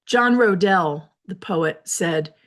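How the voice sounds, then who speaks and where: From her office, a woman hosts a reflective solo talk in a voice on the low side. She lays out ideas in a measured, lecturing manner, adding personal asides.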